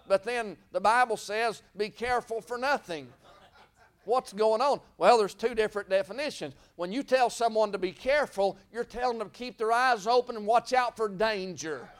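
A man's voice: sits high, normal speed, hardly any pauses. A man preaching a sermon in a folksy way, full of repeated phrases and rhetorical questions.

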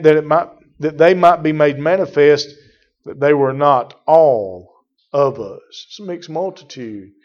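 A man preaching a sermon, emphatic and repetitive, calling on congregation members by name. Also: on the high side. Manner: emphatic, repeats phrases, addresses congregation by name. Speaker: pastor. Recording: muffled lo-fi church recording.

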